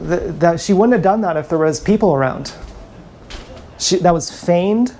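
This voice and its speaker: A man's voice: high-pitched, normal speed, a little mellow, a little hiss or hum. A man ranting bitterly and with contempt on a live stream, often repeating himself, filmed on an action camera. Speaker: vlogger.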